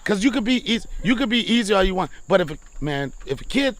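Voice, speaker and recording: Guy with a high voice hosting a podcast, loud swearing stories, laughs a lot. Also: big pitch swings, fast. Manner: loud, profane storytelling with frequent laughs. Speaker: podcast host. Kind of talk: casual chat.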